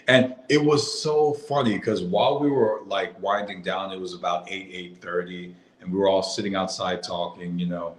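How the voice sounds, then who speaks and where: A man's voice: lowish voice, echoey room, low-quality recording. A man from Boston, a podcast guest, telling stories in a chatty, casual way, filling his sentences with "like" and laughing often. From Boston, USA. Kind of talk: casual storytelling.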